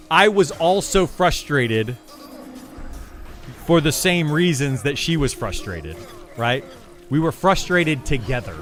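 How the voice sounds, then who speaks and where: A man's voice: a little high, expressive, moderate pace, fairly bright tone. A man streaming live, chatting casually and rambling, often repeating words and restarting sentences as he explains himself to his chat. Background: faint music.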